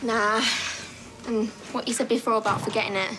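A woman's voice: a little high, steady tone, a little fast, very noisy, close to an everyday voice. An actress playing a blunt encouraging woman. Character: frank caring woman comforting a teen. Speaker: soap opera character.

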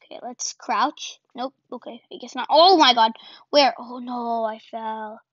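A high-pitched woman talks through her game in casual, excitable bursts, laughing at her own mistakes and firing off repeated words. The sound is dull and lo-fi, with a close, dry feel and no room around it. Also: unhurried, dry recording. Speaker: gaming channel host. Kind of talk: casual gameplay commentary. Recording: dull lo-fi home recording.

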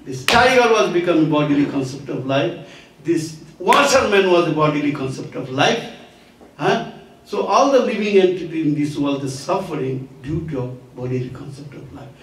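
A man preaching a sermon through a story, animated and often laughing as he tells it. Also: fairly high pitch. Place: temple hall. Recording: echoey hall, distant mic, faint noise.

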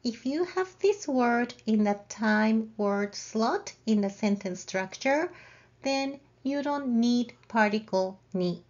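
A woman teaching a language lesson, explaining grammar patiently and saying example sentences out loud. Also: fairly high pitch, expressive, slow pace, dull audio. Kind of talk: slow, careful lesson explanation.

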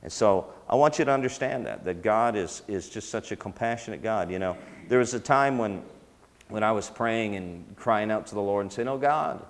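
A man's voice: fairly low pitch, moderate pace. Man preaching in a reverberant hall. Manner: conversational preaching with many fillers and restarts. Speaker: teacher of a ministry school. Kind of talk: sermon-style teaching.

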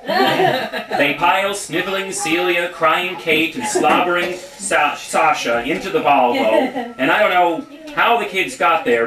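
A man's voice: fairly high pitch, a little slow, a crowd in the background. A man reading a comic tribute story aloud at a family party, playful and often prompting the listeners to join in. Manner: lively, playful, breaks off to prompt the audience. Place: living room of a family home. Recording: roomy, distant, noisy home recording.

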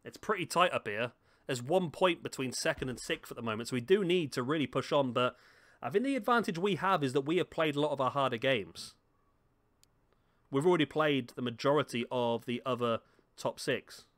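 A gaming YouTuber at home talks through a football game in a casual, chatty way, addressing the players on screen and poking fun at himself. His voice is medium-pitched and expressive, fairly quick, with a somewhat bright tone.

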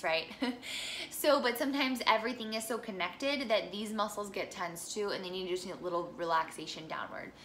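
A woman's voice: medium pitch, fairly bright tone, a little hiss or hum. A young woman from the Midwest teaching a singing lesson, chatty and encouraging as she walks through vocal exercises. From American Midwest.

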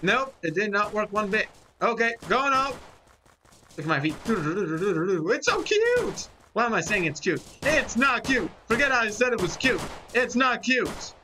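A person in their twenties giving excited, rambling gameplay commentary, talking straight to viewers and poking fun at themselves. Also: mid-range voice, noisy background. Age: 20s. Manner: rambling, animated, talks to viewers, self-mocking. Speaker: gaming commentator. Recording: loud game gunfire under the voice.

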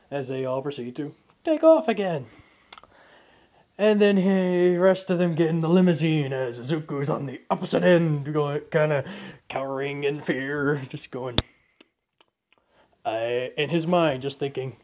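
A man's voice: on the high side, unhurried, darkish tone. A young man casually improvising a fan story, rambling with jokey asides.

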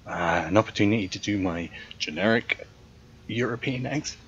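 Low-voiced man hosting a let's play. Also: normal speed, muffled recording, a little hiss or hum. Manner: relaxed, conversational, reads game text aloud. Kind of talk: casual game commentary and reading.

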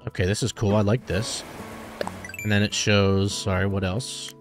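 A young man giving excitable, cursing let's-play commentary while thinking aloud. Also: lowish voice, moderate pace. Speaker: gaming channel host. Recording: game music behind.

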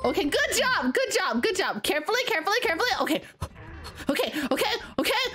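A woman's voice: very high-pitched, very animated, fast, pushed and bright. A young woman streaming a video game live, chatting with viewers and thanking them, and shrieking when something goes wrong in the game. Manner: bubbly, shrieks at danger, thanks chat. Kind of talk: live gaming commentary. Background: game music.

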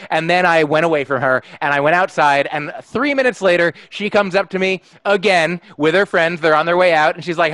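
Fast, rambling male stand-up comedian. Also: high-pitched, a bit bright. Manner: fast, rambling, self-amused delivery. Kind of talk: live stand-up set over a livestream. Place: performing at home for an online show.

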